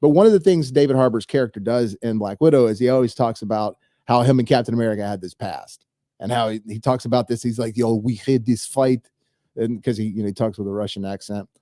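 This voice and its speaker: A man's voice: mid-range voice, quick pace, dark tone, no echo, clean studio sound. Rambling man hosting a movie news show. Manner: rambling, enthusiastic, talks straight to viewers. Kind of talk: casual solo commentary.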